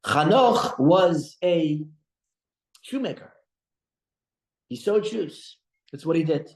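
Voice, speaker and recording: Man, rabbi, teaching a study class, storytelling, restarts often, higher voice, echoey room. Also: slow pace. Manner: animated, retells stories with frequent restarts. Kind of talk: storytelling religious lesson. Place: room at a breakfast study group.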